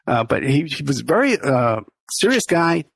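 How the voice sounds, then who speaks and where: A man's voice: fairly high pitch, very animated, moderate pace, creaky, breathy edge, no echo. A middle-aged man, the podcast host, telling a story in a casual interview, laughing often and acting out the people he quotes.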